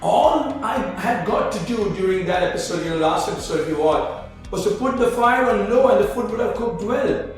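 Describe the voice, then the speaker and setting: High-voiced man giving an echoey spiritual talk. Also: normal speed. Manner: repeats phrases, many "you know" fillers, grows animated. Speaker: spiritual teacher, show host. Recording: very echoey, distant mic, faint music.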